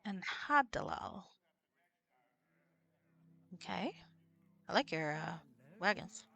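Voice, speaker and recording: Chatty, lively woman streaming a game. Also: on the low side, slow pace, gravelly, pauses often. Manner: chatty, swears casually, laughs at herself. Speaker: streamer playing and reading game dialogue. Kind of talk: casual let's-play chat with read-aloud dialogue.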